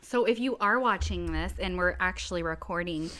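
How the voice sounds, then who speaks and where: A young woman co-hosting a podcast, telling stories in a giggly, animated casual chat. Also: fairly low pitch, moderate pace. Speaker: podcast co-host.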